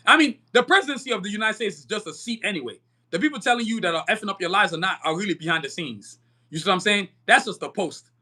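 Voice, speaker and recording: A man hosting a live-stream podcast, pouring out a fiery, profane rant in streetwise slang. His voice sits quite high and comes out fast. The tone is bright and cutting, and he keeps checking in with his listeners as he goes. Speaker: podcast host.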